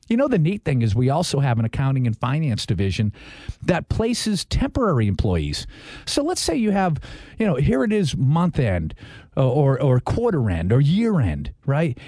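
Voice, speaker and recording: A man with a slight Boston accent hosting a radio talk show, animated and rambling, with restarts. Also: high-pitched, no echo. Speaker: host.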